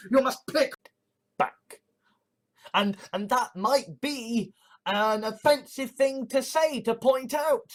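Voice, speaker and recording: A man's voice: very high voice, slow pace. A man ranting sarcastically in an exasperated monologue, swearing often. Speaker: online commentator.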